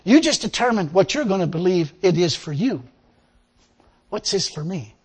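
A man preaching a lively sermon to a responding congregation, laughing often and acting out the people he quotes. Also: sits high, moderate pace, breathy edge. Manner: animated, laughing, acts out quotes. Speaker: pastor.

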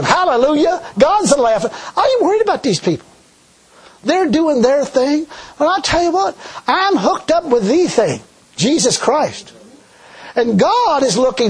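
A man preaching a sermon in a folksy, animated way, full of rhetorical questions. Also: very high-pitched.

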